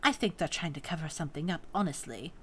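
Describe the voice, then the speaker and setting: A woman's voice: sits low, fast, husky. A woman voicing an indignant middle-aged townswoman who complains about attacks and suspects a cover-up, in a tabletop game. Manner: complaining, suspicious, emphatic.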